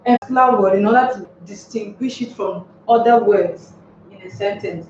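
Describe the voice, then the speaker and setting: A woman's voice: medium pitch, normal speed, darkish tone, a little hiss or hum. A woman teaching an English lesson, posing rhetorical questions to her class and then answering them herself. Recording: echoey room, distant mic, dull sound.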